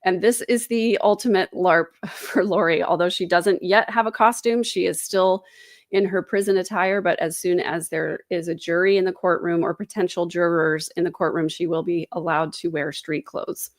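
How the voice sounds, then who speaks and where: A woman's voice: fairly low pitch, steady tone, normal speed, no room sound, studio quality. A woman hosting a true crime livestream, chatting casually and wryly while reading out viewer comments, with frequent "um" fillers. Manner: chatty, wry, many "um" fillers.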